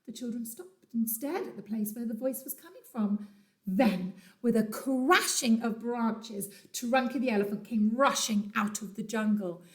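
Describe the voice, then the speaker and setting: Animated woman teacher reading a storybook aloud. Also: fairly high pitch, a little slow. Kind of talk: storybook read-aloud for children. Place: at home during lockdown.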